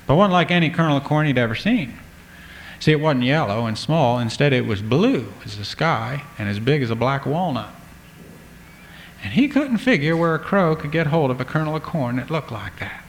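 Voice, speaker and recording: A man's voice: mid-range voice, a little hiss or hum. A man telling a folk tale in a folksy, drawling way, talking to the listener. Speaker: storyteller.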